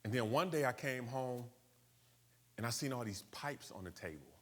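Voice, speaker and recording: A man's voice: medium pitch, animated, moderate pace. A man from Buffalo, USA, telling his personal story to a live audience in a conversational way, questioning the room and slipping into street slang. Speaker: motivational speaker.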